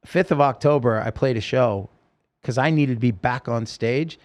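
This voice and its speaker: Speaking as a podcast guest, a singer-songwriter with a medium-pitched male voice relates a personal story. His delivery is earnest and emotional, broken into halting sentences with many restarts.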